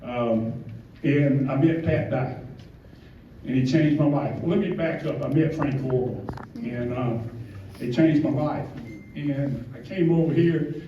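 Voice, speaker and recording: There's a little hiss or hum on this recording, made with a distant, roomy mic that muffles the sound. A middle-aged Georgian man, medium-pitched and a little slow, accepts an honor at an event with a heartfelt, wandering speech, joking at his own expense and getting emotional.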